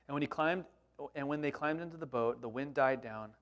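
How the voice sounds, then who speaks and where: A man preaching a sermon in a conversational, animated way, with frequent rhetorical questions to the congregation. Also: mid-range voice, fairly quick. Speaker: pastor.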